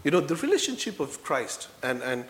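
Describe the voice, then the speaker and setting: High-voiced preacher in a reverberant church. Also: male voice, sing-song, brisk, a little hiss or hum. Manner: earnest, swings from soft low passages to loud emphatic ones. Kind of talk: sermon. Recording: long reverb in a hall.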